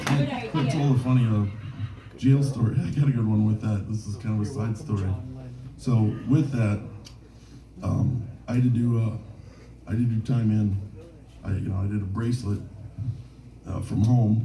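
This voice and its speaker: On a bar stage between songs, a Minnesota man who tours as a musician tells self-deprecating stories in a lowish, dark voice. He talks at normal speed with fairly even intonation and frequent pauses, picked up by a distant mic in a roomy venue.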